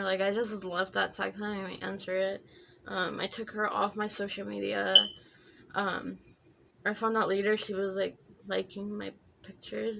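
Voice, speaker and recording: A woman's voice: mid-range voice, creaky, fairly bright tone, a little hiss or hum. A woman telling a casual storytime vlog while doing her makeup, talking in loose chatty runs full of fillers and restarts. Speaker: vlogger.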